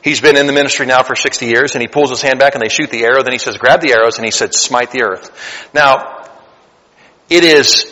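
A man's voice: mid-range voice, fairly even intonation, quick pace, pushed and bright, in a large hall. A man in his late forties preaching a sermon, talking to the congregation in a conversational way and building to emphatic bursts. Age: 40s. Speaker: pastor. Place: church sanctuary.

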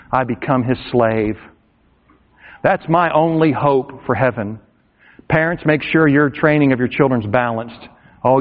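A man preaching a sermon to a congregation, impassioned and swinging into shouted emphasis. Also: fairly high pitch. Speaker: pastor. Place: church hall. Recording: tinny, echoey hall recording.

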